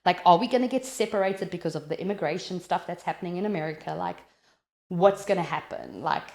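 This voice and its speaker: A South African woman telling a personal story in an animated, chatty way, with many "like" fillers, as a podcast guest. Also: fairly low pitch, fast, vocal fry, echoey room.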